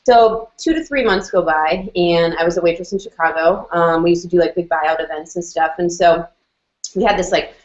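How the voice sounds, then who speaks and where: A woman's voice: lowish voice, moderate pace, highs cut off. Chatty woman on a roomy video call. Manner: chatty, lots of "like" and "um", acts out quoted lines. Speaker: guest telling her story. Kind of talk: casual storytelling on a video call.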